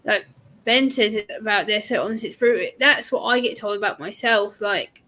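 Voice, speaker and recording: A woman in a casual group chat, direct and expressive, telling a funny story and laughing easily. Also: medium pitch, normal speed.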